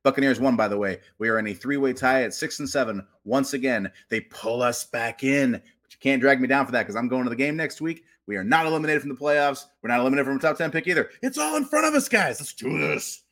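A man co-hosting a sports podcast, lively and wisecracking in casual chat. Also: fast, few pauses. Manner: lively, wisecracking, swings in pitch. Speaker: podcast co-host.

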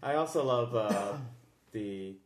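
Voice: mid-range voice, animated, slow. A speaker in a casual podcast chat, hesitant and laughing while recounting scenes. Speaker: podcast panelist.

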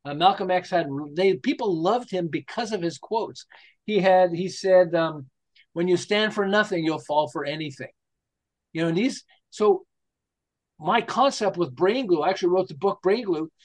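An interview guest in his sixties from the United States, a marketing specialist, speaks in a high voice at a moderate pace. He shares stories enthusiastically and casually, laughing and posing rhetorical questions.

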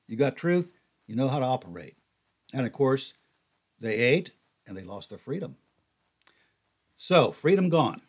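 An older man giving a folksy, conversational Bible teaching, animated when he quotes others. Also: mid-range voice, normal speed, long pauses.

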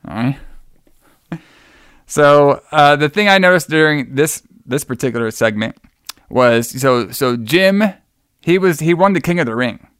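A man's voice: fairly high pitch, animated, a little slow, pauses often, fairly bright tone, clear, resonant tone, no echo, studio quality. Enthusiastic, rambling man chatting. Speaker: podcast host. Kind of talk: casual chat.

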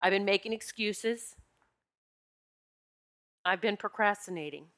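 Woman host, bright and candid, spiritual storyteller, animated and emotional. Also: mid-range voice, measured pace. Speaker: podcast host and retreat leader. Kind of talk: personal spiritual talk to listeners. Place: Pennsylvania home.

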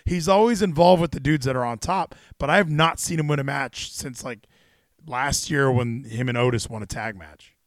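A man hosting a casual wrestling chat stream, excitable and rambling. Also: medium pitch, normal speed, no room sound, studio quality. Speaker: stream host.

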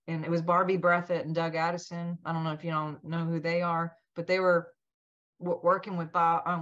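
A woman guest in an interview telling a personal story in a lively way, acting out what each person said. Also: low-pitched. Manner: animated, acts out quoted dialogue. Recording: dull lo-fi sound.

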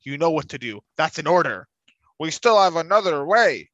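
A man's voice: a little high, big pitch swings, moderate pace, fairly bright tone, no room sound, dull audio. Man playing commanding female spy, insistent, dry close sound. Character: stern woman spy giving orders.

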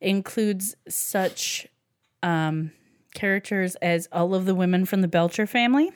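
A woman co-hosting a podcast in casual chat, relaxed and rambling with fillers. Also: on the low side, measured pace, clean tone. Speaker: podcast co-host.

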